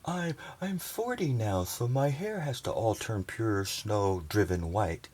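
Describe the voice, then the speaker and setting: A man putting on a gullible, singsong voice, raised high in pitch to mock. The voice sounds naive and sure of itself. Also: expressive, takes it slowly, a little mellow, breathy edge, heavily acted. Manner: mocking, singsong parody. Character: naive man repeating a doctor's claim about aging.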